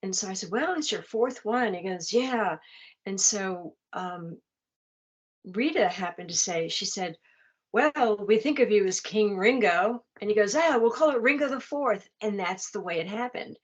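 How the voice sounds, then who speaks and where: A woman's voice: medium pitch, a little slow. An older woman, a guest in a casual chat, telling anecdotes with laughter. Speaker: interview guest. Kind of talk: casual storytelling.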